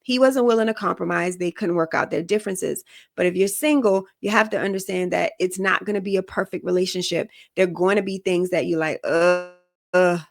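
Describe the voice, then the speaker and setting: On her podcast, a woman gives relationship advice in a frank, casual manner and keeps checking that her listeners follow. She speaks a little fast in a low-leaning, creaky voice, captured in studio quality without echo.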